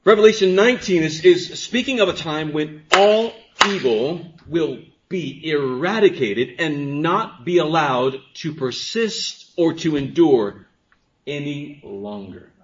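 Man preaching with hushed-to-emphatic swings. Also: a little high, expressive, slow, slight background noise. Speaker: pastor. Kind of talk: sermon. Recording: dull lo-fi sermon recording.

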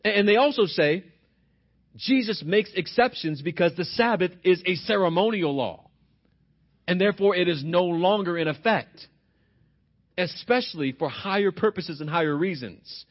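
A man's voice: high voice, expressive, moderate pace, lo-fi sound. A pastor preaching a sermon, driving his points home with repeated rhetorical questions.

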